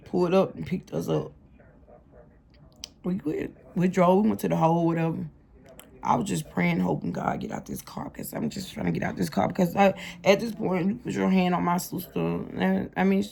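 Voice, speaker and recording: Young woman, storytime vlog, slangy, talks to viewers, low gravelly voice. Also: darkish tone. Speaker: vlogger telling her life story. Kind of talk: casual storytime monologue.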